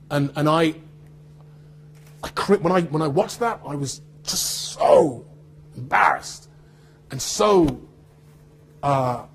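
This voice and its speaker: An English man, an actor, giving an animated anecdotal talk to students and acting out voices as he tells stories. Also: a little high, slightly rough. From United Kingdom. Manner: animated storyteller, acts out voices.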